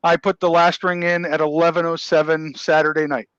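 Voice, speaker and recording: A male craftsman answering as a guest, explaining his handwork in a plain, matter-of-fact way. His voice is high and smooth, and the recording is dry and a bit dull. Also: flat delivery, fairly quick, fairly bright tone, no echo. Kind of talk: casual explanation.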